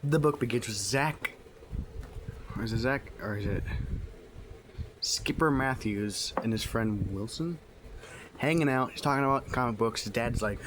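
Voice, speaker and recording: A man's voice: mid-range voice, unhurried, pauses often, fairly bright tone. A man giving a casual book review, retelling the plot in a rambling way with many fillers. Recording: noisy home recording.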